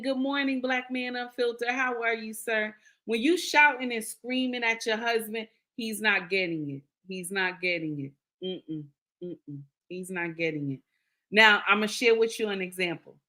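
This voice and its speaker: A woman with a bright, forceful, mid-range voice hosts a live stream, reading viewer comments and offering casual marriage advice. She repeats her points, checks in with "okay?" and calls her listeners "baby."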